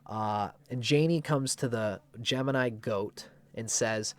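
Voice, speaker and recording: A man giving an unscripted astrology talk, animated and prone to restarts and the odd swear word. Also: medium pitch, slow, few pauses, smooth. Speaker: astrologer presenting a video.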